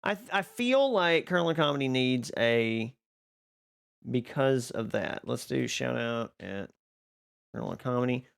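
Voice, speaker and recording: A man streaming live, chatting casually and excitably with his viewers while playing a game. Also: medium pitch, unhurried, creaky, clear, resonant tone. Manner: excitable, chatty, reads and answers chat.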